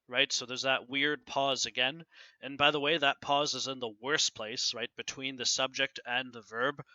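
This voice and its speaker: A man teaching a grammar lesson, often asking "right?" and reading example sentences aloud with clear pauses. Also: medium pitch, steady tone, sharp tone, no echo, highs cut off. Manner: keeps asking "right?" to check understanding. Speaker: English teacher.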